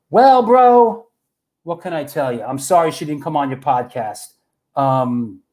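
Chatty New stream host. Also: male voice, on the high side, darkish tone. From New York. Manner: loose and chatty, talks straight to viewers, says bro and yo. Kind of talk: casual livestream chat.

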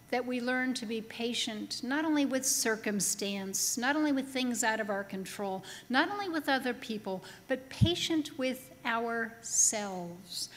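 A woman preaching a sermon in a chapel, telling a story with humor in a slow, deliberate way. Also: fairly high pitch, fairly bright tone. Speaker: pastor. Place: large chapel. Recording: long reverb of a chapel hall.

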